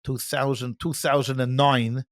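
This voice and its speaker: Chatty rabbi, dry close voice. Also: male voice, mid-range voice, unhurried, dry recording. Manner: chatty, animated storyteller. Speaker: rabbi guest. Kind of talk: casual podcast chat.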